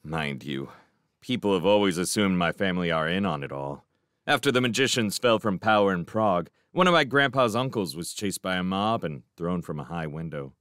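A man's voice: low voice, expressive, moderate pace, fairly bright tone, clean tone, dry recording, studio quality. A man voicing a cheerful, cocky teenage boy in a storybook reading, breezy and teasing. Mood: chatty.

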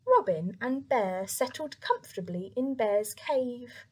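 A young woman reading a picture book aloud to children, soft and expressive, with whispered asides. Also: mid-range voice, takes it slowly, hardly any pauses, husky. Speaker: children's story reader.

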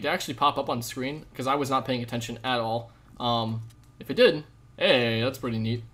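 Rambling young male game streamer. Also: medium pitch. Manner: jokey, rambling, sudden loud outbursts. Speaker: gaming streamer. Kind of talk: live gameplay commentary with chat.

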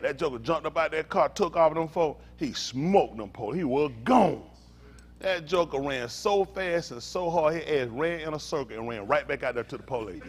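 A man, a pastor telling lively, laughing stories in a sermon, full of slang. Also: mid-range voice. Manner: animated, laughing storytelling with Southern slang. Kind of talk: storytelling sermon.

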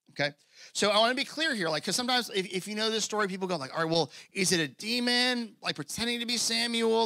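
A man preaching a sermon as pastor in an animated, conversational way, with casual asides. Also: high voice, no echo. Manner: acts out scripture quotes in character voices.

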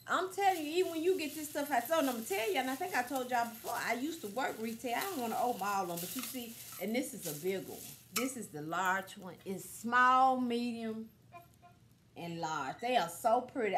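A woman's voice: on the high side, a bit bright, a little hiss or hum. Chatty middle-aged woman vlogger. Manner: chatty, straightforward, storytelling with big exclamations. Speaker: vlogger showing a thrift haul. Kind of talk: casual chat to viewers.

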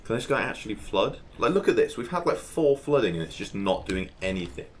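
A man giving casual gameplay commentary, chatting to himself as he plays and breaking into excited exclamations. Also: lowish voice, fairly quick, slight background noise. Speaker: gaming channel host.

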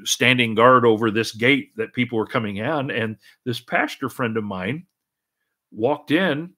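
A man's voice: fairly high pitch, fairly bright tone, breathy edge. A middle-aged man preaching a sermon earnestly, full of repeats and restarts. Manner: repetitive, earnest, many restarts and "and, and". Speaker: pastor.

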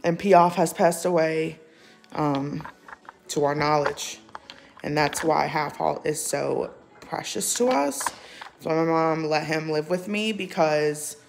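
Chatty woman with a low voice. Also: gravelly. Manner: chatty, reads viewer comments aloud and talks to her cat. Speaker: livestream vlogger. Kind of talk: casual live-chat vlog. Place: at home indoors.

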